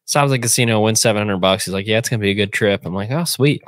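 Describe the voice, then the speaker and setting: A young man casually retelling a hunting trip, animated and acting out the voices in a phone call. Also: fairly low pitch, rapid-fire, dry recording. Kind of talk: casual storytelling.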